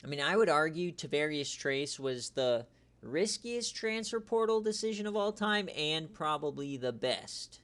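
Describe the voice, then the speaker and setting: A man giving casual, joking live-stream commentary on a league game as its host, teasing players and getting loud and excited at big plays. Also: on the high side, a little slow, clear, resonant tone.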